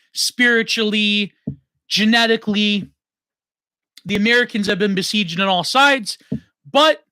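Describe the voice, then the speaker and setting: A man's voice: high-pitched, sharp tone, no echo. A man hosting, talking in a rambling, opinionated casual monologue. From Canada. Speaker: host.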